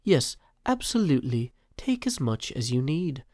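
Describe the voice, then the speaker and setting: A man's voice: mid-range voice, sing-song, unhurried, darkish tone, no room sound, studio quality. A man doing an impression of a fellow male player in an exaggerated, refined British received-pronunciation accent. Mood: obliging. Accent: put-on British received pronunciation. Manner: exaggerated, refined put-on delivery.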